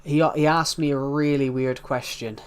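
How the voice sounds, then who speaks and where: A man hosting a live game stream, talking casually and in a rambling way to his viewers. His voice sits at an ordinary middle pitch. He greets people and thinks out loud as he reacts to the chat. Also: fairly even intonation, moderate pace, clean tone.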